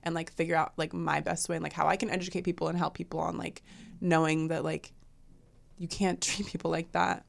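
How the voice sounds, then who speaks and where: A young woman hosting a casual talk show, chatting quickly and animatedly with many fillers. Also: low voice, gravelly. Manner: fast, animated, lots of "like" fillers. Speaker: podcast host. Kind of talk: casual conversation.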